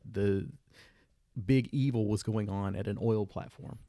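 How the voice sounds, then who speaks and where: A man's voice: on the low side, fairly even intonation, unhurried, warm tone, no room sound, studio quality. A man co-hosting a casual chat, telling tabletop game anecdotes in a laid-back way with chuckles. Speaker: podcast co-host.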